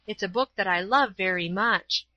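A woman voicing a kindly young female schoolteacher, ill with fever, speaking gently and earnestly in a storybook reading. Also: medium pitch, normal speed, no echo, lightly acted. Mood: warm, delighted. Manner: gentle, motherly, softly earnest. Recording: slightly dull, dry recording.

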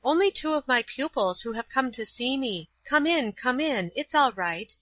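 A woman doing a gentle, feverish young schoolteacher. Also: high-pitched, lively intonation, normal speed, no echo, pitched above the performer's own voice. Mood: warm, delighted. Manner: gentle, motherly, softly earnest. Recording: slightly dull, dry recording.

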